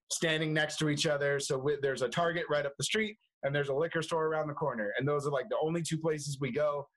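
A man's voice: a little high, a bit bright, poor audio. A young man, a movie reviewer chatting casually as a guest, laughing often and restarting his sentences. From United States. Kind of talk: casual interview chat.

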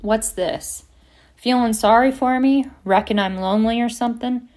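A woman voicing a huge, gruff, grumpy male groundskeeper who roars and growls in a broad dialect. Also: on the high side, normal speed, a little mellow, pitched above the performer's own voice, lightly acted.

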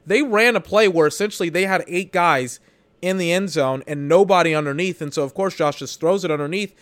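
For a podcast watch-along, a man rambles through a football game, exasperated and occasionally cursing. He talks briskly in a high, fairly bright voice.

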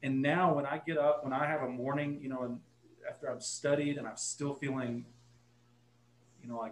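A man's voice: medium pitch, level tone, moderate pace, echoey room, slight background noise, low-quality recording. A man with a Texan accent, a guest pastor telling a story in casual podcast talk, earnest and correcting himself as he goes.

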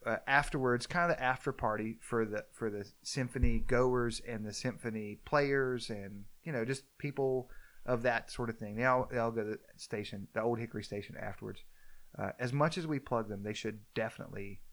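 A man telling a story in casual chat, acting out the quoted lines with a loud, animated voice. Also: mid-range voice, a little fast.

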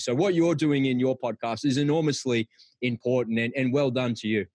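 A man's voice: medium pitch, normal speed, darkish tone, no room sound. A middle-aged man, hosting a podcast in an encouraging, chatty way. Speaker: podcast host. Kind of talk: casual podcast chat.

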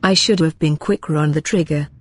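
A woman's voice: low-pitched, brisk, slightly rough. Woman reading as a defiant armored robot warrior. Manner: challenging, determined.

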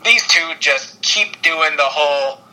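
A man talks through a casual podcast recap, his voice slightly high and very bright. He rambles, stacks fillers and breaks into frequent laughs. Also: takes it slowly, rough recording. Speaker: podcast co-host recapping wrestling. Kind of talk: casual chat.

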